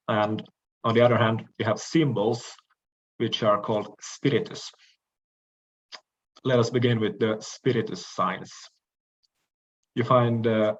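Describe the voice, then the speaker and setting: A man giving a recorded language lecture, explaining carefully with frequent pauses and restarts. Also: lowish voice, highs cut off.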